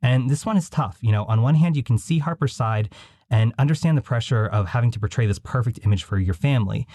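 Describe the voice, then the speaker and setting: A man's voice: medium pitch, fast, mellow, dry recording, clean studio sound. A man hosting a podcast, recapping films in a chatty, wry storytelling way. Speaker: podcast host. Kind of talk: casual podcast commentary.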